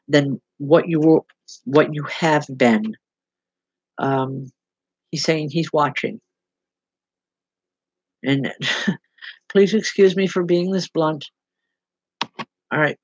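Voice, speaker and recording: A woman's voice: sits low, slow pace, long pauses, breathy edge, dry recording, muffled recording. Earnest woman giving spirit readings. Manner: earnest, direct, addresses sitters by name. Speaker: psychic medium giving readings. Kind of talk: live online spirit reading.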